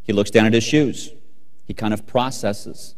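A middle-aged man with a fairly low voice, speaking at normal speed, gives a humorous storytelling keynote in a large hall. Animated, he acts out family scenes and talks directly to the live crowd, with long hall reverb on the recording.

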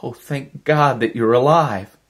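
A man's voice: lowish voice, expressive, a little slow, voice pushed up. A man voicing a frightened, relieved woman who talks in a breathless, pleading way.

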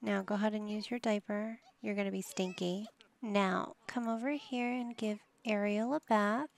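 Her mid-range, gravelly voice keeps a fairly even intonation at a moderate pace. She hosts a gaming channel, commenting casually on a life-sim game while ordering her characters about like a patient parent, with wry, slightly exasperated remarks.

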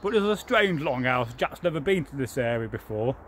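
With an English accent and a mid-range, expressive voice, a man tells a folktale in a chatty, meandering way, packing it with asides. He speaks a little fast, and there's background noise on the recording. It's a casual, oral-style telling.

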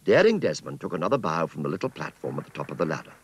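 A man narrating a children's story in an expressive, scripted storytelling manner. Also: a bass voice, rapid-fire, breathy edge, dry recording.

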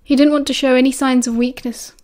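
A woman with a British accent narrating an audiobook in a calm, even storytelling manner. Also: high voice, a little fast.

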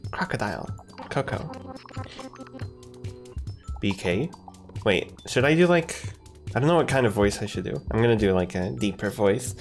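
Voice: medium pitch, lively intonation, fairly quick, soft background music. A streamer chatting casually through a cute video game, giggling often and thanking viewers. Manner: giggly, chatty, reads chat aloud. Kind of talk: casual let's-play commentary.

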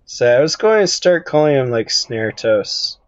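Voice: medium pitch, big pitch swings, unhurried, no room sound, highs cut off. A gamer chatting with friends over voice chat, teasing them and reading out game loot in a playful way. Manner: playful, teasing, narrates game items aloud. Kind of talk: casual voice-chat banter during a game.

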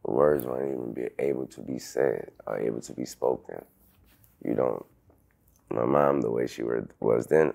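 A man in his thirties, an interview guest telling a painful personal story in halting sentences full of restarts. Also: extremely low pitch, creaky. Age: 30s. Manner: halting, restarts sentences, loud when quoting others.

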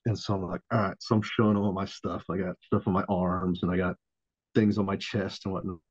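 A man in his thirties, a Marine veteran and former corpsman, speaks fairly quickly in a low voice with a breathy edge and little pitch movement. Appearing as a podcast guest, he tells a story loosely and profanely, acting out the people he quotes and laughing often, on a dull, dry, lo-fi recording.

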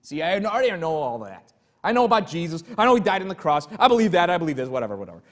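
A smug, complacent churchgoer shrugging everything off, voiced by a preacher. His offhand, dismissive delivery sits a little lower than the preacher's own. The sound rings in a reverberant church hall. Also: sing-song, racing.

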